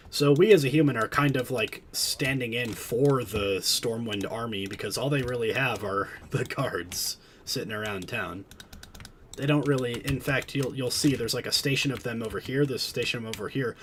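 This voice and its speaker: Chatty man with a lowish voice. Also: normal speed, fairly bright tone, a little hiss or hum. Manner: chatty, explains game mechanics while playing. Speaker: streamer. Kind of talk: casual gameplay commentary.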